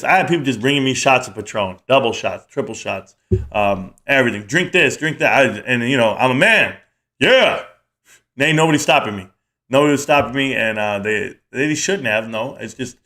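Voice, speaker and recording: Bright-voiced man chatting on a livestream. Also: mid-range voice. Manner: animated storytelling, laughs often, answers chat. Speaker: livestream host. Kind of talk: casual livestream chat. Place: small home studio.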